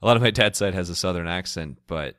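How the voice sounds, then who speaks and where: Deep-voiced playful podcast host. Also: male voice, fairly bright tone, smooth, dry recording, studio quality. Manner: playful and upbeat, quick to laugh at puns. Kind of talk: interview questions.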